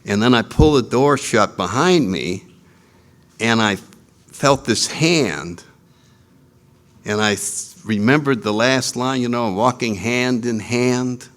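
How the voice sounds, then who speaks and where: A man speaking at a recovery retreat, telling a story in an animated way, laughing at his own jokes and acting out voices. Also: medium pitch, slow pace, long pauses. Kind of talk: storytelling talk.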